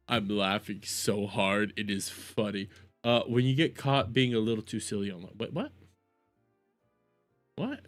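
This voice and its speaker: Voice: medium pitch, animated, measured pace, sharp tone, dry recording, soft background music. A streamer chatting live while reacting to clips, rambling, repeating themselves, stammering and laughing often.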